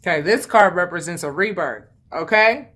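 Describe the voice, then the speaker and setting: A woman's voice: lowish voice, normal speed, fairly bright tone. Blunt, chatty woman reading tarot. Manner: blunt, chatty, swears freely, emphatic repetition. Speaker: tarot reader. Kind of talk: casual tarot reading monologue.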